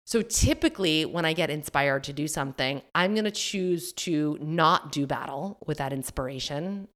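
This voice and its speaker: Low-voiced chatty woman podcaster. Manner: animated, acts out her own inner voice in quotes; chatty, with fillers and laughs. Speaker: podcast host and business coach. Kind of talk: solo podcast talk.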